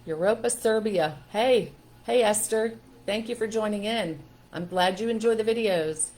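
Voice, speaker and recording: A woman's voice: mid-range voice, normal speed, a little mellow, poor audio. A middle-aged woman from Pennsylvania hosting a casual live stream as a parenting coach, talking earnestly and greeting viewers by name. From Pennsylvania, USA.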